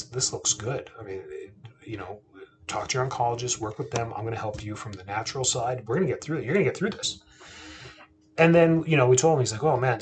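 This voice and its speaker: A Canadian chiropractor who hosts a podcast tells a family story, quoting both himself and his father in an earnest, casual, conversational manner. His voice is on the low side, with background noise behind it.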